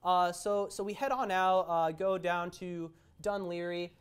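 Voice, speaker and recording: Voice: mid-range voice, fairly even intonation, unhurried, smooth. A young adult co-host telling a story in a casual chat, meandering and stop-start, with frequent hesitations.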